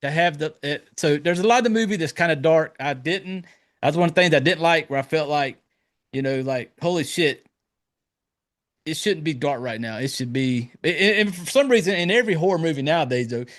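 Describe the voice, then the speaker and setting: A man's voice: on the high side, a little fast. A man hosting a podcast, chatting casually and swearing freely as he tells stories and acts out lines. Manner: profane, animated storytelling with acted-out quotes. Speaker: podcast host. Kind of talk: casual chat.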